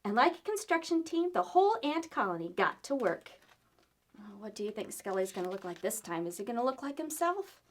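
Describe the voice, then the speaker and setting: Animated woman reading to children. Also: fairly high pitch, fairly quick. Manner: animated, playful, addresses children. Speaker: children's librarian. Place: public library.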